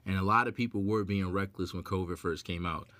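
A man hosting a podcast in casual chat, animated, laughing often and acting out quoted voices. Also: low-pitched, brisk. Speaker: podcast host.

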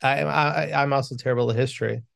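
A man's voice: mid-range voice, fairly even intonation, fast talker, vocal fry, a bit bright, dry recording, studio quality. A man co-hosting a film podcast, joking in a casual, self-deprecating way. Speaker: podcast co-host.

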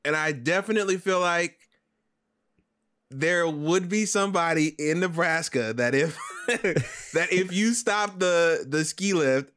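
A man's voice: a little high, a little slow, a bit bright. Playful chuckling co-host man. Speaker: podcast co-host. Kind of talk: casual chat.

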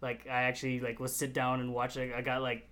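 A man's voice: mid-range voice, monotone, fairly quick, bright, forceful tone. A young man co-hosting a podcast, bantering casually, with frequent laughter. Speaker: podcast co-host. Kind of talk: casual chat.

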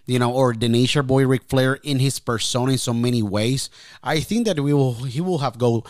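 A man's voice: mid-range voice, moderate pace, dry recording, studio quality. A man in casual chat, chiming in with short agreements and wrestling names.

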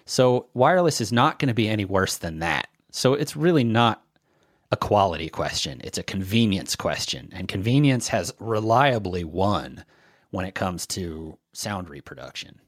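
Low-voiced man explaining tech casually. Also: lively intonation, moderate pace, no echo, clean studio sound. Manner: explanatory, loose, with frequent fillers. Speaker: podcast co-host.

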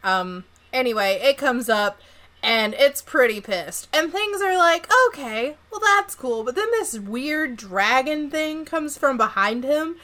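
A woman's voice: high-pitched, animated, measured pace, a bit bright. A woman hosting a film podcast, recapping the plot with opinionated hot takes in casual chat. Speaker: podcast host.

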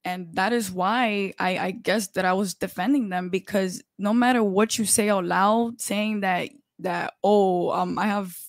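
A woman's voice: mid-range voice, fairly even intonation, unhurried, hardly any pauses, no room sound. A woman speaking as a podcast guest, hesitant and defensive while earnestly explaining herself. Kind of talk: podcast debate.

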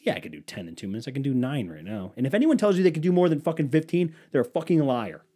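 A young man hosting a solo podcast. He rambles casually, swears freely, and pokes fun at himself. His voice has a mellow, darker tone, and his pitch swings widely as he talks. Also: lively intonation, fast talker, few pauses. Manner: rambling, profane, self-mocking. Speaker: podcast host.

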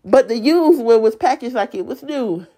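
A woman with a raspy, sinus-strained voice giving an emotional, earnest faith talk as a Bible study leader, stuttering and restarting as she goes. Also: on the high side, animated, moderate pace, mellow. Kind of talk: casual devotional talk.

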